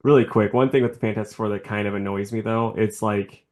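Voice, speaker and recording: A man co-hosting a podcast in casual chat, animated and acting out quoted characters for laughs. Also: on the low side, fast talker. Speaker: podcast co-host.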